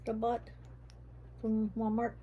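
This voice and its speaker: A woman's voice: on the high side, monotone, narrow, tinny audio, a little hiss or hum. A woman with a mixed Texas and Tennessee Southern accent, chatting casually at home in a vlog about her herb shelf. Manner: chatty, rambling, says she talks fast. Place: indoors at home, rain outside.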